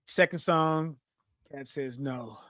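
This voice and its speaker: A man, co-hosting a podcast and telling lively stories that he acts out in casual chat. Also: a little high, takes it slowly, no room sound, studio quality. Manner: animated storyteller, acts out quotes. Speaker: podcast co-host.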